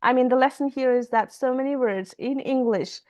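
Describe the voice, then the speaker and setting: Give me a high-pitched woman French teacher on a video call, going back and forth between French and English. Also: normal speed, darkish tone, dry recording. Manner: repeats phrases, switches between French and English. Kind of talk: online class teaching.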